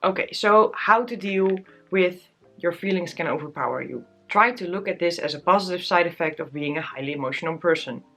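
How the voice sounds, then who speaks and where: A young woman vlogs in a casual, self-deprecating way, her voice a touch lower than most. She is tearful and close to crying, yet keeps laughing at herself. Soft music plays faintly underneath. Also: brisk, few pauses. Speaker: vlogger. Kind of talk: casual chat to camera.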